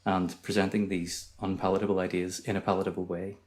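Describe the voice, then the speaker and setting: A Northern Irish man appears as a podcast guest in a casual chat, his voice low-set and calm. He speaks quickly but smoothly, in a soothing, even manner.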